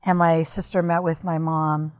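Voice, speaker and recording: A woman's voice: low voice, level tone, moderate pace. A woman guest on a podcast, candidly and earnestly recounting a personal story.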